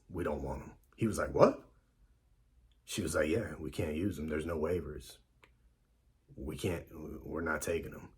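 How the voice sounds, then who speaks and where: A man's voice: low voice, breathy edge. A man casually telling a story about his past, full of fillers and quoted back-and-forth dialogue.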